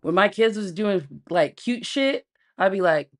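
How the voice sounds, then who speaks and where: A woman's voice: mid-range voice, expressive, unhurried. A woman hosting a casual livestream from home, blunt and profane, often laughing as she talks to her viewers and her pet. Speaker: livestream host.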